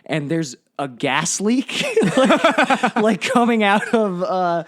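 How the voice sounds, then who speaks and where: A man's voice: high-pitched, expressive, slow, fairly bright tone. A man in his twenties co-hosting a podcast, telling a rambling anecdote in casual chat, often laughing and full of "like". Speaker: podcast co-host.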